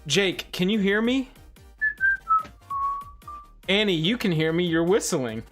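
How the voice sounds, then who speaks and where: A man's voice: high-pitched, animated, takes it slowly, fairly bright tone, soft background music. Playful man hosting a livestream. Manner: playful, joking, announcer-like hype. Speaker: livestream co-host. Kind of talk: casual livestream chat.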